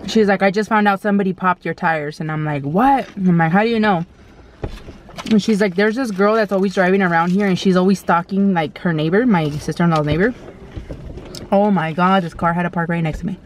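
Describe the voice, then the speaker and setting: A woman's voice: lowish voice, fairly quick, a little hiss or hum. A woman vlogger telling a story in a casual, blunt way, with slang and mild swearing, while she eats. She acts out quoted lines in a raised, exclaiming voice.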